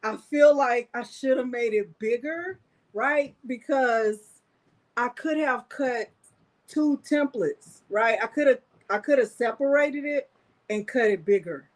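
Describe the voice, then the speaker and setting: High-voiced, unhurried woman hosting a craft tutorial. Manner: animated and exclamatory, talks straight to viewers. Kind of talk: live crafting tutorial chat.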